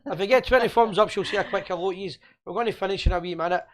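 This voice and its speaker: A man's voice: high voice, very fast. A Scottish man hosting a casual live show, joking and rambling in boisterous banter. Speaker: host.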